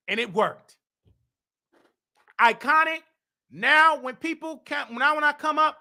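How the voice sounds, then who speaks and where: Flamboyant man host, bright voice. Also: very high voice, expressive, slow pace, long pauses. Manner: flamboyant, dramatic, jumps between loud bursts and hushed asides. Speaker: show host. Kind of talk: casual storytelling monologue.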